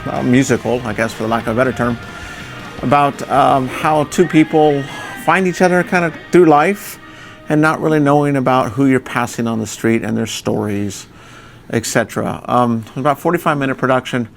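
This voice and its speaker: A man's voice: mid-range voice, brisk, creaky, faint music behind. A man vlogging aboard a cruise ship, chatty and upbeat, talking straight to viewers as folks. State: out of breath. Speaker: travel vlogger. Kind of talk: casual vlog chat.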